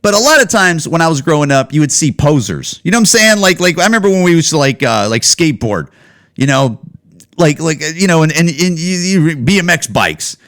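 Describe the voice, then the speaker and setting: Recording his solo podcast on a home camera setup, a man in his forties rants about football with heavy swearing and heated rambling. His voice is a little high and fairly bright. He speaks briskly with lively intonation.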